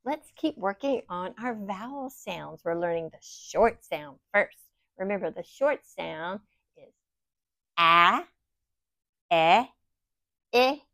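A woman teaching a children's phonics lesson, sounding out vowels slowly and giving encouraging praise. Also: mid-range voice, no room sound, clean studio sound. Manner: slow, exaggerated sounding-out of letters; encouraging, sing-song praise.

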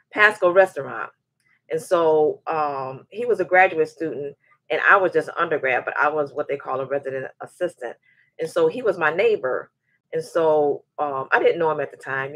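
Host, woman, 40s: low, husky voice that swings widely in pitch, casual storytelling. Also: dry recording. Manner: animated, repeats words as she restarts, acts out quoted voices. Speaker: show host. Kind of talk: casual livestream chat and storytelling.

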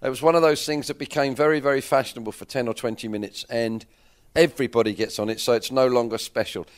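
An English-accented man in his sixties chats through an interview. His voice sits at an ordinary middle pitch, and he rambles frankly, often breaking off to rephrase himself. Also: fairly even intonation, fast. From England. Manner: rambling, self-correcting, candid. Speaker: interviewed musician. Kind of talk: casual interview chat.

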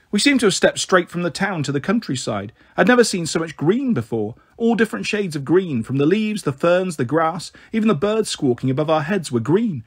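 A man reading a children's storybook aloud, expressive and voicing each character. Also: a little high, breathy edge. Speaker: audiobook narrator.

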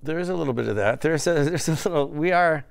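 A Canadian man in his fifties, a guest in a casual interview, talking in a playful, jokey way and dropping into quick impressions. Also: a little high, gravelly, clean tone, no echo.

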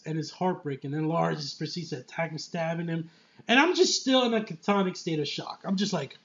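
A man giving a casual spoken film review, excitable and emotional, filling his talk with "like" and "you know.". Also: fairly high pitch. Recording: dull lo-fi recording.

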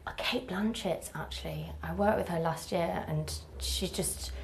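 An actress giving relaxed, admiring interview answers. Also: female voice, fairly low pitch, a little slow, vocal fry, a little hiss or hum.

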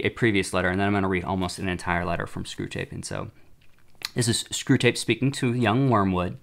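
Young male host, lively pitch, self-deprecating, loose and chatty. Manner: rambling, self-deprecating, trips over words. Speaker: show host. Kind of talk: casual talk on a book.

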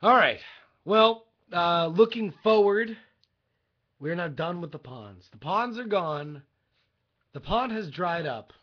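A man's voice: high voice, expressive, takes it slowly. A young man co-hosting a casual fan podcast, joking and teasing. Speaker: podcast co-host. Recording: dull lo-fi livestream audio.

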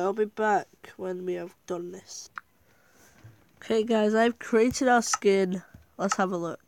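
A woman gaming vlogger chats her way through gameplay, thinking aloud and getting excitable. She talks at a slow, unhurried pace in a mid-range voice. The sound is dry and close. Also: medium pitch, no echo. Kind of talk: casual gameplay commentary.

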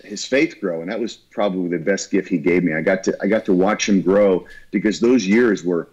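A man, a guest musician, talking earnestly and haltingly about a lost friend in an interview. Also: low-pitched, a little mellow, husky, muffled recording. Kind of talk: heartfelt interview talk.

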